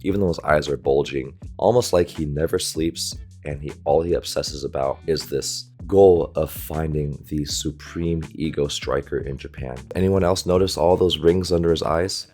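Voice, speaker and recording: A man's voice: very deep voice, normal speed, few pauses, a little mellow, soft background music. A man, a volleyball coach, chatting casually through an anime reaction and pointing out small animation details, on a desktop microphone. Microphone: desktop USB microphone.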